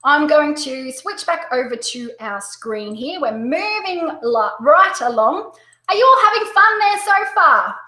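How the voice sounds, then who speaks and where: An Australian woman presenting a sales-coaching webinar, upbeat and excitable, talking fast. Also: high-pitched, roomy sound, low-quality recording.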